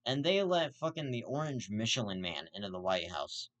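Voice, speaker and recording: A man's voice: fairly low pitch, very animated, moderate pace, fairly bright tone. A man hosting his own show, giving profane ranting commentary in a blunt, repetitive way. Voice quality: blunt, profane and repetitive, circling back to the same insult. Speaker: show host.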